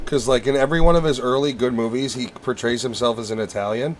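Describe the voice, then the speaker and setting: A man's voice: medium pitch, fast talker, slight background noise. Man ranting profanely on a podcast. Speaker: podcast host. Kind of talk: casual chat.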